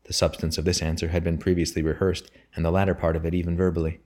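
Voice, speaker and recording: A man narrating an audiobook in a deep, low voice. His reading is measured and even, carrying the story along at a steady pace. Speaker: audiobook reader.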